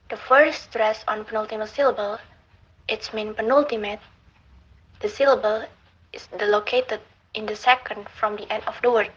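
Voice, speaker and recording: A woman's voice: on the high side, slightly rough, dull audio. Young woman with an Indonesian accent reading a lesson. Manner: careful, slightly halting reading with non-native grammar slips. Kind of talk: reading an academic lesson aloud. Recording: faint background noise.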